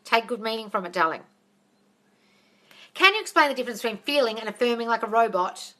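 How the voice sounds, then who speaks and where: A woman's voice: fairly high pitch, expressive, brisk, pushed and bright. A woman hosting a casual live question-and-answer session as a manifesting coach, blunt and profane, calling listeners darling. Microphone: phone.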